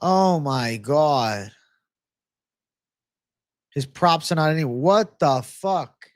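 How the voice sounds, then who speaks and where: A man hosts a live stream of MMA betting picks, talking to his chat in an unhurried drawl. He is frustrated, swears often and keeps circling back to his complaints. The sound is dry and close, with no room echo. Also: a little high, lively intonation. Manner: frustrated, profane, ranting to chat. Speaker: MMA betting show host.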